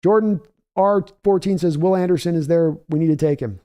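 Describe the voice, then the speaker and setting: A man hosts a live game reaction stream with a slightly higher pitch and a mellow, soft tone. He rambles through opinionated analysis and stops to read viewer chat aloud, answering each comment in a casual, conversational way. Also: a little fast. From United States. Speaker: livestream host.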